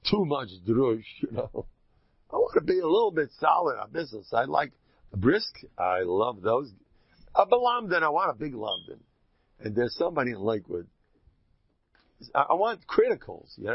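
A man with a gravelly, husky voice gives an animated Torah talk. He mixes Yiddish and Hebrew words into his speech and climbs to loud, excited peaks. The recording is close, dry and a bit dull. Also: medium pitch, dry recording. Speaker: Torah teacher. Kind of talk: lively Torah talk with storytelling.

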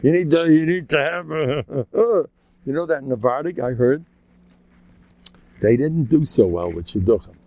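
A man giving an informal, joking religious talk, animated and acting out quotes in sudden high voices. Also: unhurried, lo-fi sound. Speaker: religious lecturer. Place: local community gathering.

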